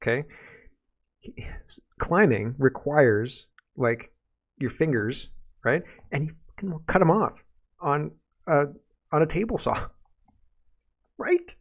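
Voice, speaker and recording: A man with a gravelly, fry-heavy voice runs a casual commentary show, sarcastic and ranting. He keeps breaking into laughter as he talks. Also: on the high side, slow pace, pauses often. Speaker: political commentary host.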